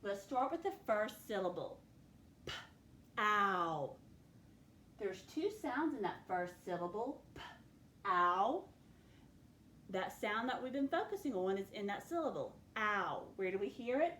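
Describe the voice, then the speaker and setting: A woman teacher leading a recorded phonics lesson, clearly sounding out words and letters for her students. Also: mid-range voice, animated, fairly quick, hardly any pauses, darkish tone, echoey room, slight background noise. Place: classroom with a board.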